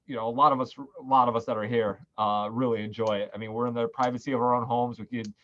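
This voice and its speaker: A man's voice: mid-range voice, little pitch movement, fast talker, fairly bright tone, lo-fi sound. A man hosting a virtual wine tasting, chatting casually and eagerly telling stories. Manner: enthusiastic storyteller, quotes people. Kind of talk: casual chat.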